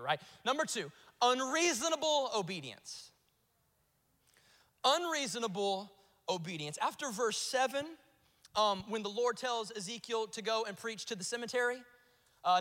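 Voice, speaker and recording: A Southern pastor preaches with emphatic repetition, building to rising peaks. His voice is strikingly high and bright. It rings out with the long reverb of a large church auditorium. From South Carolina, US. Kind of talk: sermon. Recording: live sermon with long hall reverb.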